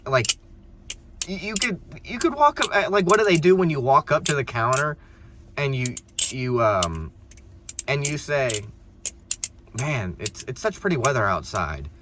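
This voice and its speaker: A man's voice: a little high, sing-song, measured pace. A young man telling a casual story while driving, rambling, with many restarts and an exasperated tone. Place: in a car. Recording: noisy background.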